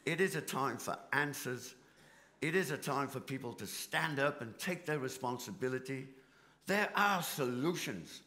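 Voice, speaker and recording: Middle-aged British union leader, impassioned debate speech, bright edge to the voice. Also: male voice, mid-range voice, animated, normal speed. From Britain. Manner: passionate, rhetorical, builds with repetition. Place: conference hall stage.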